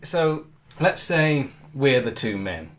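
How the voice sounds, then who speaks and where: A man's voice: mid-range voice, sing-song, slow, fairly bright tone. A man co-hosting a podcast, telling a made-up film plot in playful, laughing, stumbling casual chat. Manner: playful storytelling, laughs often, stumbles over words. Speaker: podcast co-host. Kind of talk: casual comedic brainstorming chat.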